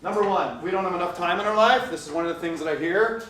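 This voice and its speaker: Middle-aged man, motivational workshop speaker, slightly high voice, echoey room heard from a distance. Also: fast talker. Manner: animated, addresses audience directly, frequent "right?". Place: conference room with live audience. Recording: echoey room, distant mic, faint noise.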